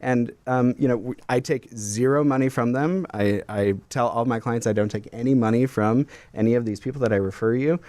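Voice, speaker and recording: Real estate broker, male, mid-pitched, animated storyteller on a radio show, dry close mic. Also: fairly quick, hardly any pauses, no room sound. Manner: storytelling, quotes clients. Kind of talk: casual radio talk.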